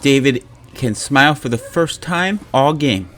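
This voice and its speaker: A man giving casual play-by-play commentary on amateur game footage, calling scores and chuckling often in a relaxed, joking way. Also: mid-range voice, measured pace, slight background noise. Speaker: pickleball commentator.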